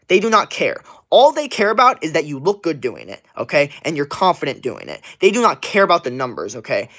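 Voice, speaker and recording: A man's voice: fairly high pitch, fairly bright tone. Rambling young male fitness coach. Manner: rambling, filler-heavy advice with acted quotes. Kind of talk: casual livestream chat.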